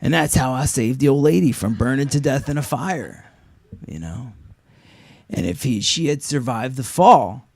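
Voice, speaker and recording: A man spins an improvised comic story on a live stage, rambling through fillers and curses. His delivery swings between loud outbursts and low asides. The sound is dry and close, with no room echo. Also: lively intonation, moderate pace. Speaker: actor and co-host.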